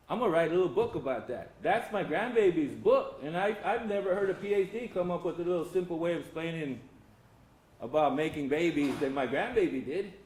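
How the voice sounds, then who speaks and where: In a lecture hall with roomy acoustics and faint ambience, an older man with a high voice tells folksy, funny stories and speaks directly to the symposium audience. There is slight background noise.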